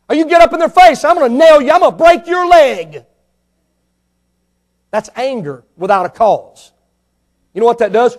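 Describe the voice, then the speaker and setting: A man preaching a sermon with fervor, firing rhetorical questions at the congregation and swinging between soft and loud delivery. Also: extremely high pitch.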